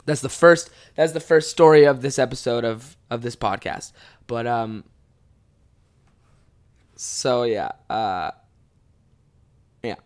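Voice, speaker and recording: A man in his twenties hosting a solo podcast, cursing freely and swinging from mumbled asides to loud outbursts. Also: medium pitch, slow pace, long pauses. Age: 20s. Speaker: podcast host and stand-up comic. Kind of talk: casual solo podcast chat.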